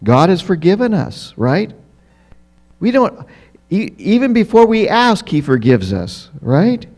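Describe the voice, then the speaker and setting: A pastor giving a children's story in a church. He is lively and keeps asking the children questions. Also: high voice, measured pace. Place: church sanctuary.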